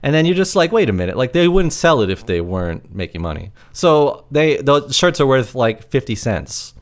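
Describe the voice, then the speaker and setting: Guy rambling on a podcast from his apartment, lots of likes and you knows, medium pitch. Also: very animated, moderate pace. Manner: rambling, heavy on filler words. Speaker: podcast co-host. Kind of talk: casual chat.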